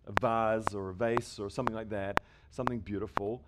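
Preaching to his congregation at a church service, this male pastor speaks briskly in a fairly low, steady voice, emphatic and full of rhetorical questions. Loud background noise and clicks run through the recording.

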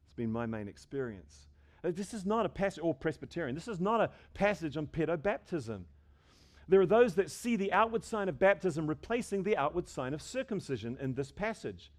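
A middle-aged man preaching a sermon, swinging between loud emphasis and hushed asides, with restarts and rhetorical questions. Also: fairly high pitch, big pitch swings, brisk. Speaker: pastor.

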